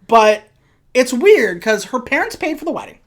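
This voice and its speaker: A woman's voice: on the high side, big pitch swings, normal speed. Sarcastic woman recapping a movie. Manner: sarcastic, dry asides; recounts scenes by acting out quoted lines. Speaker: podcast co-host recapping a movie. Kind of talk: casual chat.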